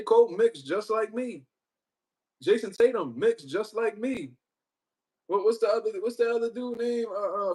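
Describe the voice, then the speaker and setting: A man hosting a livestream, talking casually with heavy profanity and animated storytelling. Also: high-pitched, breathy edge. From Puerto Rico. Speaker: livestream host.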